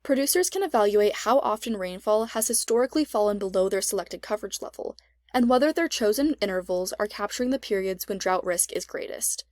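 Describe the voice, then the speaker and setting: A woman reading a scripted step-by-step software tutorial as an extension instructor, in an even, measured way. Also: medium pitch, dry recording, studio quality.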